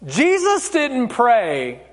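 Man, pastor, sermon, very high voice, emphatic, echoing church hall. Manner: animated, slow and emphatic, addresses listeners as folks.

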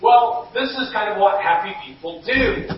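A man's voice: high-pitched, animated, moderate pace, a little hiss or hum. A middle-aged man preaching a sermon as pastor, telling stories and acting out quotes. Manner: storytelling with acted-out quotes, rising to shouts. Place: church sanctuary. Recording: dull, echoey hall from far off.

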